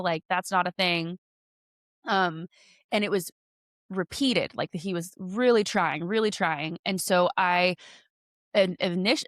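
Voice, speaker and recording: A woman's voice: fairly low pitch, a bit bright, dry recording, clean studio sound. A woman co-hosting a podcast, speaking candidly and sympathetically in a rambling casual chat. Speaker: podcast co-host.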